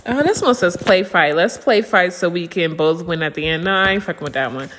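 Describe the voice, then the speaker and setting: A woman in her thirties talking casually to viewers, bawdy and laughing, with drawn-out swooning sighs. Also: lowish voice, in a large hall, noisy background. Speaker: vlogger. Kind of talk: casual monologue.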